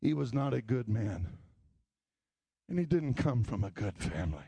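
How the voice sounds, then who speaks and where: A man preaching a sermon, telling stories and rising into shouted appeals. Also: medium pitch, very animated, normal speed, slightly rough, dry recording. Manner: storytelling preaching that climbs into shouting.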